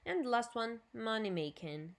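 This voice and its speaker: A woman with a Ukrainian accent teaching an English lesson on video, drilling new words slowly and clearly and adding Russian explanations. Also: a little high, big pitch swings.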